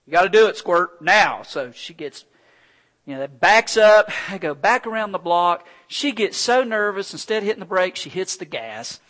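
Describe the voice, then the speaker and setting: A middle-aged man preaching a sermon and telling personal stories, swinging from loud, animated bursts to quiet, earnest passages. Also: high-pitched, rough recording. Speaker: pastor.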